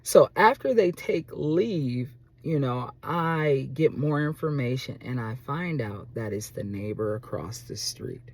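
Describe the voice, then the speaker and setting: Man, small business owner, animated vlog storyteller with a casual, chatty delivery. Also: mid-range voice, unhurried, few pauses. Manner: animated, chatty, keeps asking "okay?".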